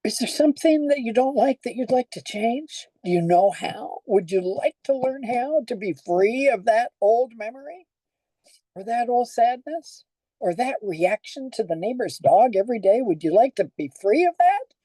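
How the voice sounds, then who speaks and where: A woman's voice: a little high, animated, moderate pace, warm tone, slightly rough, no room sound, rough recording. An older woman pastor giving a conversational sermon, telling stories and asking the congregation questions.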